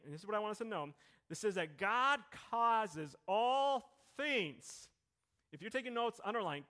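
A middle-aged man preaching a sermon to his congregation, with a conversational, questioning manner that swings between quiet and emphatic. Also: high-pitched. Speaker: pastor. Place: church hall.

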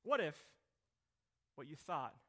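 A middle-aged man preaching a sermon to his congregation, with a conversational, questioning manner that swings between quiet and emphatic. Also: a little high, sing-song, slow. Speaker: pastor. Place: church hall.

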